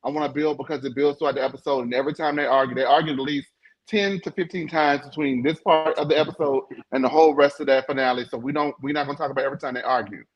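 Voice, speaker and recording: A man's voice: medium pitch, fairly even intonation, fast, husky, lo-fi sound. A man hosting a live recap panel, talking in a sassy, playful way, breaking into chants and teasing his co-hosts. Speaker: panel host.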